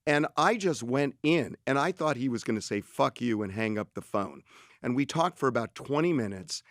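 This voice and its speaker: Man, sixties, co-host, animated storyteller, dry close sound. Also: medium pitch, normal speed, no room sound. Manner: animated storyteller, quotes others. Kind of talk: storytelling in a talk show.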